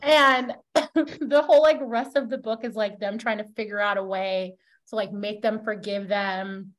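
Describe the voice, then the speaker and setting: A young woman on a book club podcast, casually retelling a novel's plot in an animated way and dropping "like" all through her talk. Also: medium pitch, unhurried. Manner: animated storyteller who acts out characters' lines; heavy use of "like" as a filler.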